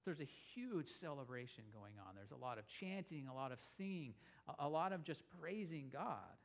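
A pastor with a slightly high, creaky voice preaches briskly on scripture. He tells the story with energy in animated sermon teaching, raising his voice for emphasis.

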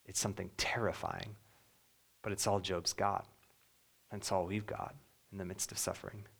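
Earnest man preaching, low voice. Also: level tone, moderate pace, creaky, slightly rough. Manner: earnest, dropping to a soft hush for quoted words. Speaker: pastor. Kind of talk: sermon.

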